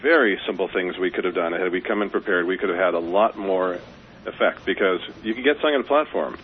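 A man's voice: deep voice, fast. A male caller from Colorado on a radio show, speaking earnestly and persuasively with some fillers. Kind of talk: phone-in talk. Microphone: telephone. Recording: tinny phone line with faint hiss.

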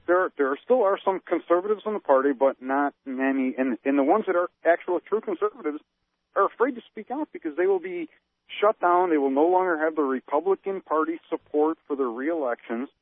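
A man with a high, lively voice rants on talk radio, firing rhetorical questions one after another. He sounds slightly husky, and the audio is dry and tinny, like a phone line. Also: a little fast, dry recording. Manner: animated, ranting with rhetorical questions. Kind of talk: political talk radio rant.

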